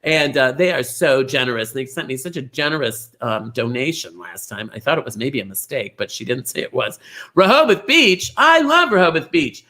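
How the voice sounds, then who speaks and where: A middle-aged man hosting a live online bingo show, gushing over viewers' names with sudden high squeals. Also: lively intonation, normal speed, bright, forceful tone. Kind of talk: live-streamed chatty greetings to viewers.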